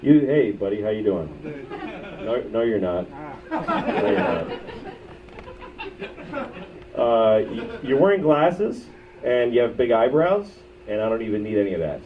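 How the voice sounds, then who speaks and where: A man performs stand-up, telling crude stories against himself, and his pitch leaps up and down as he goes. The bootleg recording is dull and taken from far back in the club. A noisy audience and steady background hiss sit over the sound. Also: unhurried, pauses often. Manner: self-mocking, crude, rambling storytelling. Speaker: stand-up comedian. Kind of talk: stand-up comedy set. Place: comedy club stage. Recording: muffled bootleg audio from far off, with crowd and noise. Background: audience laughter.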